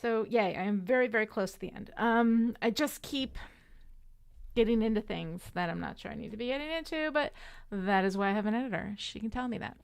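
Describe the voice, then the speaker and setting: A woman's voice: on the high side, expressive, a little fast, gravelly, clear, resonant tone. A tired woman chatting casually with her live audience during a writing sprint, upbeat and full of fillers. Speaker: livestream host of a writing sprint.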